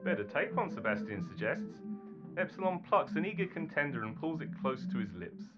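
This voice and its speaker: A man narrating a storybook tale in an animated, theatrical manner. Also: mid-range voice, normal speed. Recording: dull recording under loud guitar music.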